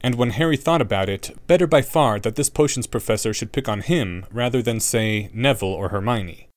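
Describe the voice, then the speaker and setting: A man narrating an audiobook with an expressive, wry reading. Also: medium pitch, fairly quick, no echo.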